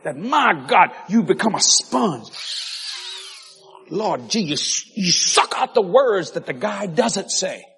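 A male preacher delivering a lively sermon, shouting and laughing, stretching out key words. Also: high-pitched, gravelly, a little hiss or hum. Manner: animated, shouting, laughing, drawn-out emphasis.

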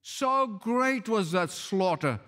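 A man's voice: high voice, expressive, slow, fairly bright tone, big-room sound. A man preaching a sermon in an emphatic, pleading way, repeating key phrases for weight. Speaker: pastor.

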